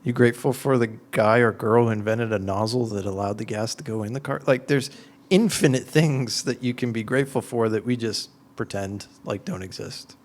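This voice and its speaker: A man's voice: mid-range voice, moderate pace. Man telling stories in a casual talk. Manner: conversational, animated storytelling with many "like"s. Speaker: speaker answering audience questions. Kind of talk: informal talk and Q&A.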